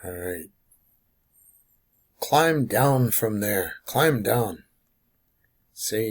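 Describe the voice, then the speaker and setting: Slow, husky man drilling phrases. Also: fairly low pitch, lively intonation. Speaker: language teacher. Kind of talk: call-and-response language lesson.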